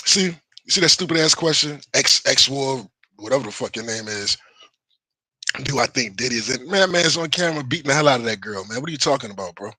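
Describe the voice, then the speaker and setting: A man's voice: medium pitch, animated, quick pace, sharp tone, husky, dry recording, low-quality recording. Heated man ranting on a livestream. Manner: heated, defensive, profane, repeats himself. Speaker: livestream host. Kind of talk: casual livestream rant to chat.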